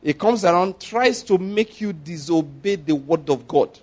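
A male preacher, animated and full of storytelling as he acts out scenes. His voice sits high for a man and leaps up and down. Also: a little slow, few pauses, husky. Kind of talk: sermon.

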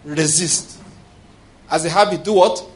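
A man's voice: fairly high pitch, a little slow, a little hiss or hum. Humorous preacher man with call-and-response. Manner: humorous, call-and-response with congregation, laughing often. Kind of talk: sermon.

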